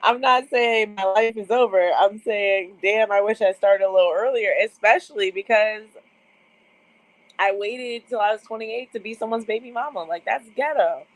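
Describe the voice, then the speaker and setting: A woman's voice: medium pitch, normal speed, no echo, low-quality recording. Candid, laughing woman in her thirties. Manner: laughs often, relaxed and candid. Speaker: podcast co-host. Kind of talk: casual chat.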